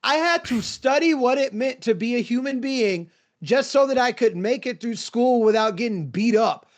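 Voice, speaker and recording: A male writer in a casual chat, talking in an emphatic, animated way and laughing often. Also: very high voice, moderate pace. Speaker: writer and podcast guest.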